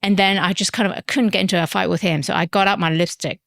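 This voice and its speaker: A woman's voice: fairly low pitch, fairly even intonation, quick pace, gravelly, fairly bright tone, no room sound. Woman, English accent, blunt, swears a lot, ranting podcast co-host, dry close sound. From Hong Kong. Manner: blunt, swearing, exasperated storytelling. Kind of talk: casual chat.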